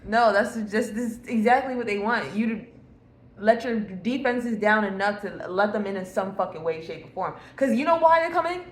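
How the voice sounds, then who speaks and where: A woman's voice: mid-range voice, lively intonation, normal speed. Blunt, profane woman reading tarot. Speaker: tarot reader. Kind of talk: casual tarot reading to viewers. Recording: echoey room with faint noise.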